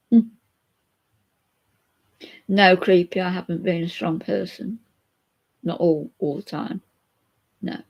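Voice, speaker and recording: A woman's voice: on the low side, gravelly. An older woman, chatting openly to viewers in a rambling way and reading out their comments. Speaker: vlogger chatting to live viewers. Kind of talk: emotional live chat.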